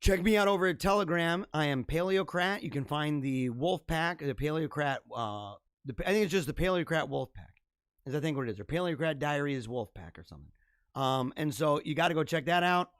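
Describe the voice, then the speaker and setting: A man hosting his own livestream show, signing off in an energetic, rambling, chatty way, his voice a little hoarse. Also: fairly high pitch, brisk, no echo, studio quality. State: slightly hoarse. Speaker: podcast host. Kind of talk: casual livestream sign-off.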